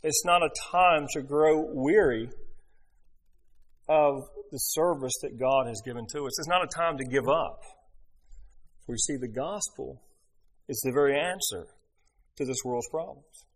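A middle-aged man preaching a sermon, asking his listeners rhetorical questions and leaning on emphatic pauses. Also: medium pitch. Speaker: pastor.

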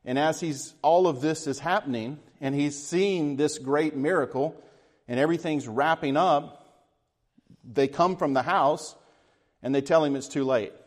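A man preaching a sermon in an earnest, reflective way, at times dropping to a hushed voice. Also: on the high side, measured pace, in a large hall. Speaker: pastor.

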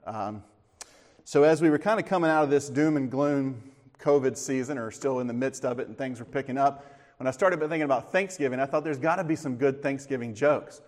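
A man's voice: mid-range voice, fairly quick. A middle-aged man speaking to a church audience in a folksy, casual way, telling corny jokes before turning to a thankful devotional message. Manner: folksy, tells corny jokes with relaxed asides. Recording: long reverb of a large hall.

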